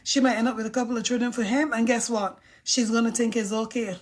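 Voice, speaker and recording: A woman's voice: fairly high pitch, fairly even intonation, fast talker. A woman hosting a casual live stream, reading viewer comments aloud and giving her emphatic, outspoken opinions.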